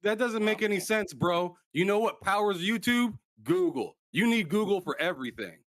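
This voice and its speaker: A man's voice: sits high, lively intonation, moderate pace, a bit bright, no echo. A man on a podcast panel, arguing bluntly and sarcastically, swearing as he talks. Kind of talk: heated casual argument.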